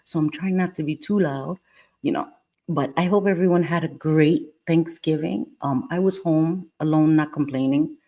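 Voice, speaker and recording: Middle-aged female streamer, low register, rambling friendly chat, hushed so as not to wake the house. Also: normal speed. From Puerto Rican heritage. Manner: chatty, greets viewers by name, rambling asides; keeping her voice down. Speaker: live-stream host. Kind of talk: casual live-stream chat. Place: at home.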